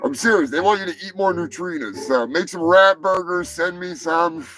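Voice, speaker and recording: Profane rowdy man, bright high voice. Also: normal speed, faint music behind, rough recording. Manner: profane, rowdy, breaks into shouting bits. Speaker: show host. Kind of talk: comedic news rundown, live show.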